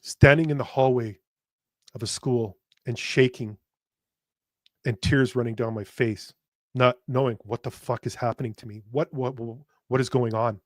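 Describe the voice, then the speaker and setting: A man's voice: medium pitch, steady tone, normal speed, no echo, clean studio sound. A man hosting a podcast who speaks candidly and emotionally, stumbling over restarts and repeated words, swearing bluntly now and then, and addressing his listeners directly. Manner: earnest, speaking straight to listeners. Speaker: podcast host. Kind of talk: candid personal podcast monologue.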